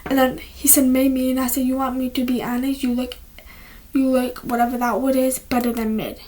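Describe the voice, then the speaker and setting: Rambling teenage girl, slightly high voice. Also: level tone, moderate pace, dark tone, a little hiss or hum. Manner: rambling, with many restarts, often dropping to a whisper. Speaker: vlogger. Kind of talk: casual chat. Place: at home, indoors.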